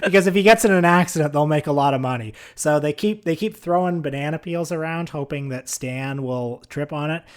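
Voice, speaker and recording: A man's voice: on the high side, a little fast, few pauses, clean tone. A man hosting a film podcast, chatting casually and speeding up when he retells scenes. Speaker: podcast host.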